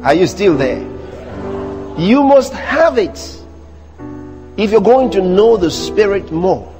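A man with a Nigerian accent preaching a sermon in church, animated and teasing the congregation. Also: high voice, slow, long reverb tail. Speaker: pastor. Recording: music playing behind the sermon.

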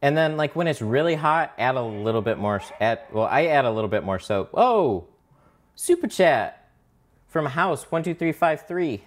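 A man's voice: mid-range voice, lively intonation, brisk, hardly any pauses. Casual profane man chatting while working. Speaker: mobile window tint installer. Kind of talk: casual live-stream chat while working.

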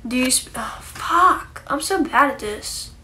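A woman's voice: sits high, expressive, unhurried, sharp tone. A young woman chatting casually on a phone livestream, rambling with lots of likes and ums and casual swearing.

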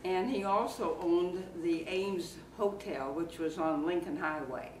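A woman in her eighties from Iowa, reminiscing slowly and haltingly in an oral history interview held in a library community room. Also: on the low side, a little mellow. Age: 80s. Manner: slow, halting reminiscing with fillers. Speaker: interviewee, former circus performer. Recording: roomy, distant mic, faint background noise.

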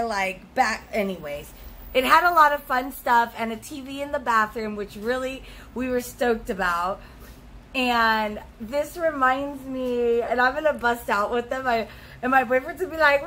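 A young woman's fairly high, bright voice comes through forcefully as she opens gifts on camera at home for her vlog. She gushes, gasping and squealing through the casual unboxing chat, on a rough recording with a little hiss or hum.

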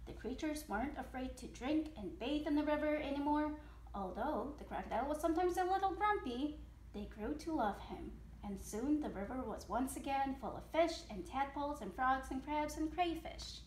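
At a moderate pace, a mom voices a children's story in a high, bright tone, animating each sentence with an expressive lift. There's a faint hiss and noticeable echo from the room at home where she's recording.

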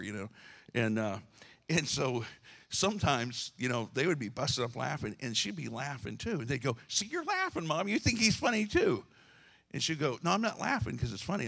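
Gravelly-voiced man preaching a folksy sermon. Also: medium pitch, fairly bright tone. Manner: folksy, joking, many restarts. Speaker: pastor. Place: church sanctuary.

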